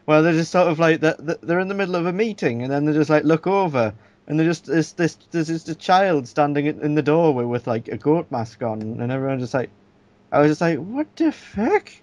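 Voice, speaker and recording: A man's voice: a little high, fairly quick, darkish tone, lo-fi sound. A man from Britain in a casual wrestling recap chat, blunt and sardonic.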